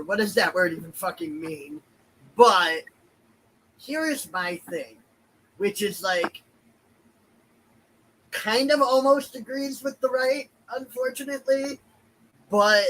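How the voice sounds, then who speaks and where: A man with a high, bright, slightly tense voice talks as a podcast guest. He chats casually, filling his sentences with "like" and quick restarts, over a faint background hiss. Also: animated, poor audio. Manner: chatty, lots of "like" and restarts.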